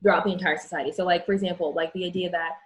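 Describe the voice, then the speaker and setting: A woman's voice: on the low side, steady tone, rapid-fire, poor audio. A young woman speaking as an interview guest, frank and earnest, often restarting her sentences. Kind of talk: candid conversation.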